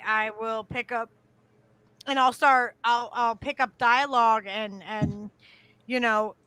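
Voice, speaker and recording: Give me a chatty woman co-host on a podcast, bright and a bit high, swearing casually. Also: no echo. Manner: chatty, fast, swears, laughs easily. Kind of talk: casual chat.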